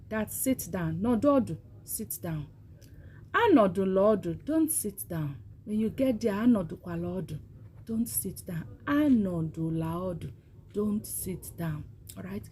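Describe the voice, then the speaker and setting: A woman's voice: medium pitch, slight background noise. A woman teaching a language lesson, patiently repeating words for learners to say after her. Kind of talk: slow spoken language lesson.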